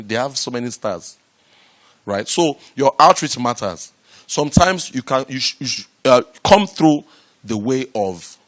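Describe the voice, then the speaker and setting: Speaking in a lowish voice, a man fires up a live audience in an event room with a motivational talk on getting startup funding. His delivery is repetitive and swells into loud, emphatic bursts.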